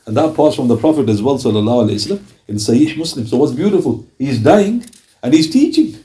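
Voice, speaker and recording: A man's voice: medium pitch, expressive, quick pace, dark tone. A man giving an Islamic history lecture, reading narrations and asking rhetorical questions, often acting out the quoted speakers with dramatic emphasis. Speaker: Islamic teacher. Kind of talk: religious lecture.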